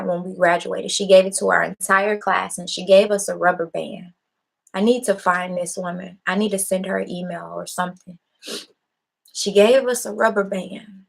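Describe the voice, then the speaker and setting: A woman's voice: mid-range voice, fairly even intonation, moderate pace, creaky. A young adult woman hosting her own show, giving a casual, impassioned and preachy talk to her viewers with blunt, profane language. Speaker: host. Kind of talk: casual motivational talk to a live audience.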